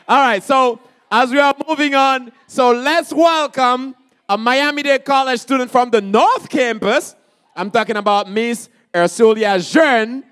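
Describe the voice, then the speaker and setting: A man from Haiti hosts a campus celebration, his voice pitched high and smooth. He keeps the energy up, calling out to the crowd and firing off questions. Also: slow, long pauses, fairly bright tone. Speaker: event emcee. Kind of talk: lively event hosting. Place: college campus event.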